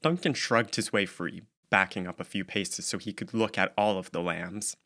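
Bright-voiced male audiobook narrator. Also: deep voice, normal speed. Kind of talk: scripted narration.

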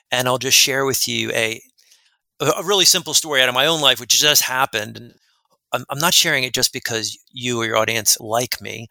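A man, a guest expert on a podcast, telling rambling, animated anecdotes in an interview. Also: mid-range voice, vocal fry, no room sound. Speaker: guest expert on workplace respect. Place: lives in New Jersey.

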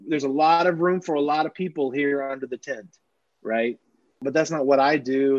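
A man who is a sportswriter, telling animated anecdotes with frequent restarts in a casual interview, on a slightly dull recording. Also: medium pitch, dry recording. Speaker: sportswriter guest.

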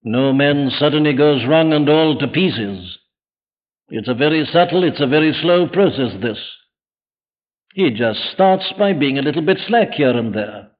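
Male preacher, fairly high voice, urgent rhetorical questions, dull old church recording. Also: lively intonation, normal speed. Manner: emphatic, full of rhetorical questions. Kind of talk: evening sermon. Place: church before a congregation. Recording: dull lo-fi archive sermon recording.

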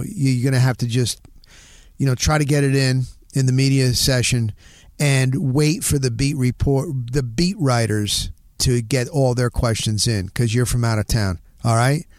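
A man voicing a brusque male team PR director who gives a low, hurried brush-off. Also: a little mellow, no echo, clean studio sound, natural voice. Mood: dismissive.

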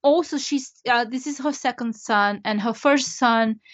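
A woman whose first language is Portuguese, co-hosting a casual podcast chat, animated and swearing freely. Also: a little high, a little slow. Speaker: podcast co-host. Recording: dull lo-fi audio.

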